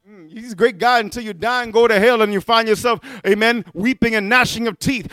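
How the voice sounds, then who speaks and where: A man preaching a fervent sermon, often calling out "amen?" and sometimes shouting. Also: very high voice, fairly quick, few pauses, dry recording, clean studio sound. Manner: fervent, punctuates with "amen?" and "hallelujah"; rises to shouting at times.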